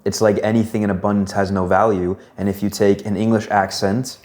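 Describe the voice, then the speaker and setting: A man's voice: on the low side, level tone, fairly quick, a little mellow. A young man hosting a casual podcast, reflective and musing as he talks. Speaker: podcast host.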